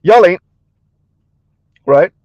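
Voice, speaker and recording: A man's voice: very slow, darkish tone, no echo, highs cut off. A man giving a combative, sarcastic opinion rant to his viewers, repeating his points and laughing between them. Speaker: commentary vlogger.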